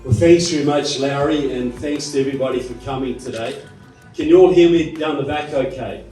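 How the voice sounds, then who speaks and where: A man's voice: medium pitch, a little fast, warm tone, faint music behind. A man from New Zealand with a New Zealand accent, giving a joking, rhetorical speech to a live audience and asking the crowd questions. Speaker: guest speaker. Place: hall with audience. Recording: roomy hall from a distant mic.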